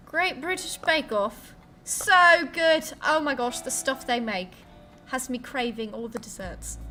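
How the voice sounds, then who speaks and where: A woman's voice: fairly high pitch, sharp tone. A woman from Ohio with a Midwestern American accent, chatting casually on a live game stream, reading viewer questions and swearing now and then. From Ohio, USA. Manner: chatty, playful, swears casually, squeals at pets. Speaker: Twitch streamer.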